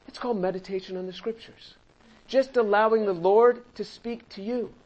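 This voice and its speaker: An older man with a high voice leads a Bible study, talking through the verses in a conversational way. He acts out the voices he quotes and slips in small chuckles. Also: steady tone, normal speed, a little mellow, highs cut off. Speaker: Bible teacher and chemist.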